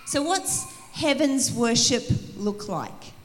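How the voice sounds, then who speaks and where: A woman preaching an energetic sermon in a church, rallying the congregation and calling for responses. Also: a little high, slow pace, in a large hall. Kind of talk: sermon to a church youth service. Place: church hall.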